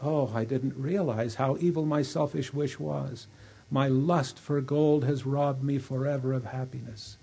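A remorseful old king pleads in a dark, mellow voice with a husky edge, as a man voices him. He sounds grieved and earnest as he talks of his lost happiness. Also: mid-range voice, steady tone, unhurried.

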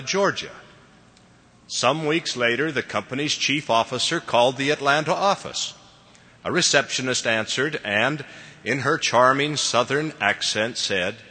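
Solemn male church speaker, bright tone, long hall echo. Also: mid-range voice. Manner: measured, formal, solemn delivery. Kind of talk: formal sermon address. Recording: long reverb of a large hall.

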